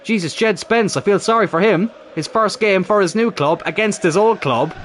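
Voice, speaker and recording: This man's voice is high-pitched and fairly bright at a normal speed as he commentates his football career-mode game live. A gaming YouTuber, he's exasperated, curses a lot, and addresses the players on screen, with faint noise behind him.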